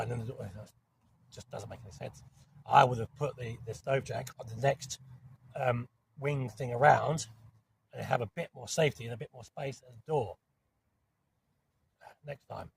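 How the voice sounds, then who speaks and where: A man with a gravelly voice and a southern English accent talks to camera from inside a small hot tent in woodland. His rambling, chatty delivery is peppered with mild swearing and quick apologies. Soft outdoor ambience hangs faintly behind him. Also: mid-range voice, slight background noise. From southern England. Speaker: camping vlogger. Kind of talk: casual talk to camera.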